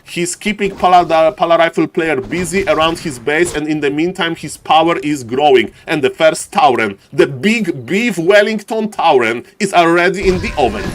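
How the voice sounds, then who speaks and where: Animated Polish man casting games. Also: on the high side, moderate pace, few pauses, slight background noise. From Poland. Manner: animated, repeats "ladies and gentlemen", jokey asides. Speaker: esports caster. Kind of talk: live game commentary.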